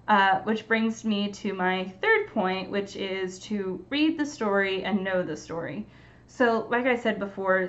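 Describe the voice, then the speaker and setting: A woman casually explaining how to read picture books aloud at story time, chatty and relaxed with frequent fillers. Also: mid-range voice, muffled recording. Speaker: storytime presenter.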